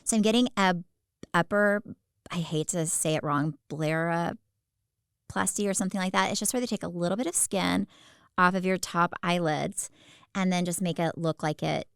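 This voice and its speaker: A woman co-hosting a casual podcast, her voice low and smooth. She rambles through stories and laughs often, recorded close in a dry room. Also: moderate pace, dry recording. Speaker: podcast co-host. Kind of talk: casual chat.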